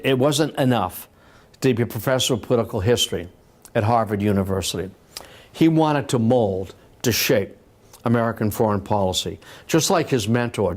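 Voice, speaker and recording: A man giving a public history lecture in a library, telling it conversationally with frequent restarts and repeated words. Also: on the low side. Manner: conversational storytelling with many restarts.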